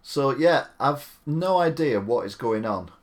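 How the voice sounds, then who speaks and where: A man's voice: mid-range voice, expressive, measured pace. A man hosting a live stream, giving chatty, opinionated commentary with rambling asides.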